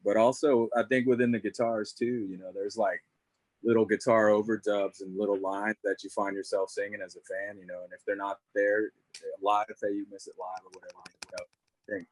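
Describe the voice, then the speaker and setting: A man, a guest musician, talking in casual chat, relaxed and full of "you know" and "man". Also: lowish voice, brisk, no echo.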